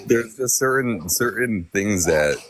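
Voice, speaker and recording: A man's voice: on the low side, lively intonation, takes it slowly, fairly bright tone. A man talking in a casual chat, rambling and thoughtful with many fillers.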